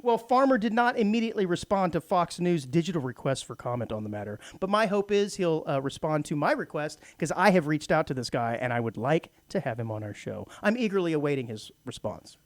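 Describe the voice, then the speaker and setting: A man's voice: fairly high pitch, big pitch swings, a little fast, hardly any pauses, no echo. A man from Texas co-hosting a community radio show, chatting casually in a joking, rambling way from a studio microphone.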